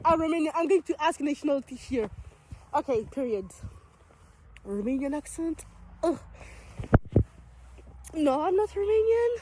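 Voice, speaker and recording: A young woman from France chatters in English with a French accent, her voice sitting very high. She teases and overreacts playfully as she films a casual street vlog. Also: expressive, moderate pace, pauses often, noisy background. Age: young adult. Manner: bubbly, teasing, exaggerated reactions. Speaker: vlogger.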